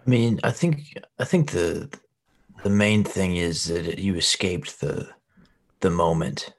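A man chatting casually on a podcast, speaking in halting, hesitant replies. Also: low-pitched, animated. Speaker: podcast co-host. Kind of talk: casual chat.

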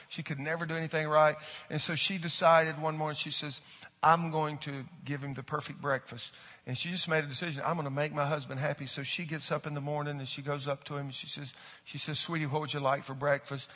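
A man's voice: on the high side, bright, forceful tone. A middle-aged male pastor preaching a sermon in folksy storytelling style, talking straight to his congregation in a large church. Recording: echoey hall with long reverb.

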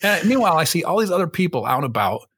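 A man's voice: fairly high pitch, big pitch swings, very fast, fairly bright tone, husky. A man co-hosting a podcast in casual chat, rambling and self-mocking, swearing freely. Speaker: podcast co-host.

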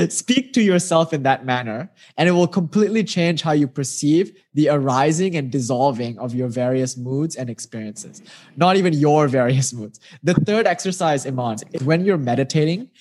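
Man, meditation teacher, patient and instructive, somewhat high pitch, video call. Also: a little mellow. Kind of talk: casual spiritual coaching on a video call.

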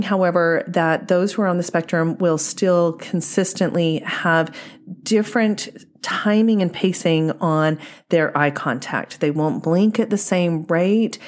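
A woman dating coach speaking a podcast monologue in a steady, explanatory and measured way. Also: sits low.

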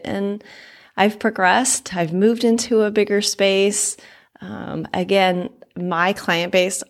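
A woman's voice: medium pitch, steady tone, takes it slowly. A woman fitness trainer hosting her own podcast, telling her story candidly and chattily, laughing often with frequent ums.

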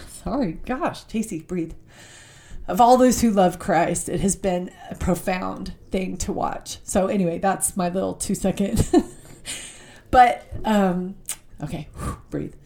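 A woman's voice: mid-range voice, gravelly, warm tone. A woman giving a heartfelt devotional talk, reading scripture aloud and speaking with open emotion. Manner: reads scripture aloud slowly.

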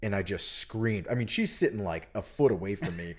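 A man, a parent, telling a personal story in casual conversation, earnest and animated, getting loud when he quotes himself. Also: fairly low pitch, brisk. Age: adult parent. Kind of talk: casual chat.

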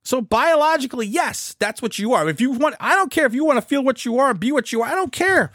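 A man's voice: very high-pitched, expressive, quick pace, a bit bright, no echo, clean studio sound. A man hosting a political commentary show, talking in an indignant way and often restarting his sentences.

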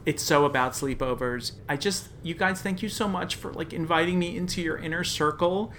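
A man's voice: on the high side, moderate pace, a bit bright, slight background noise. A man improvising a comedy scene, gushing and earnest in a theatrical way. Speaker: improv actor playing a temp.

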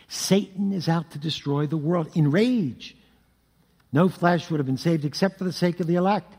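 A man preaching a sermon, telling scripture stories in an animated way with vocal sound effects. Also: a little high. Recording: long hall reverb.

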